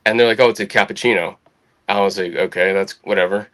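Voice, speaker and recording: A young adult man telling a military story as a podcast guest, casual, swearing freely, quoting others in livelier voices. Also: fast talker. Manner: lively anecdotal, swears freely, quotes others with rising pitch.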